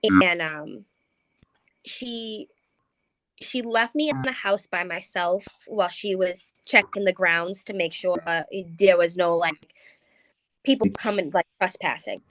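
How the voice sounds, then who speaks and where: A woman's voice: fairly low pitch, slow, fairly bright tone, no echo. A woman telling a ghost story as a paranormal investigator guest, hesitant and full of ums and restarts. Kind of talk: recounting a ghost story in conversation.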